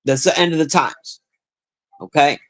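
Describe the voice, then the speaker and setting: A man's voice: fairly high pitch, moderate pace, a bit bright. A man livestreaming, chatting casually and crudely with his viewers in a rambling way. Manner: profane, chatty, talks to the chat. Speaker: livestream host.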